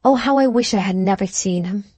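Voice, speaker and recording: A woman's voice: medium pitch, a little fast, darkish tone, breathy edge, no room sound, natural voice. A woman playing a proud, lovesick young mistress. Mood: haughty. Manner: heightened, emotional period speech. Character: proud, passionate young woman farmer, anxious.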